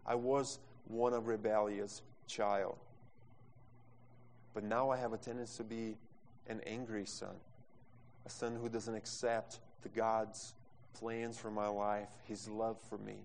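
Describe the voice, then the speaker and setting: Pastor preaching in a reverberant hall. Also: male voice, fairly low pitch, little pitch movement, a little slow, slight background noise. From Brazil. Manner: impassioned preaching, non-native phrasing, acts out quotes. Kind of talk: sermon. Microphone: microphone.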